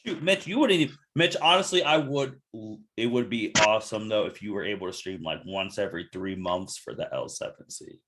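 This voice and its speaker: A man's voice: fairly low pitch, brisk, hardly any pauses, fairly bright tone, slight background noise. A man hosting a casual podcast chat, easygoing and laughing often.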